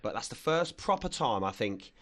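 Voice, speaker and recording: A man's voice: medium pitch, big pitch swings, moderate pace, a bit bright. A man hosting a podcast, talking earnestly and reflectively in casual chat. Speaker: podcast host.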